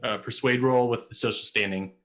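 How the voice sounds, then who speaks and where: A man's voice: medium pitch, fairly even intonation, fairly quick, fairly bright tone. A man as game master running a streamed tabletop game, explaining rules with many ums and uhs.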